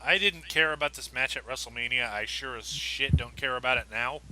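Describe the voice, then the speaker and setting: A man's voice: medium pitch, fairly quick, noisy background. A man co-hosting a podcast in casual chat, wry and giggly, sounding dry. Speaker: podcast co-host.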